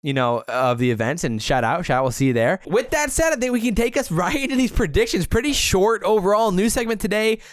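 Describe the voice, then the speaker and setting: A man's voice: sits high, big pitch swings, fast talker, hardly any pauses, dry recording, studio quality. A man hosting a casual esports podcast, upbeat and joking with his co-hosts. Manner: upbeat, joking, laughs often. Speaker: podcast host.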